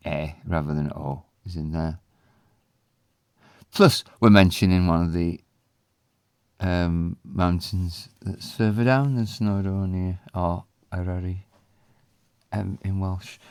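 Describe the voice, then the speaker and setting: Deep-voiced guy explaining a language lesson, laid back, lots of ums, dry close sound. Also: smooth, dry recording. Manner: relaxed and explanatory, with frequent ums and restarts. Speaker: Welsh language teacher. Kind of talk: casual spoken lesson.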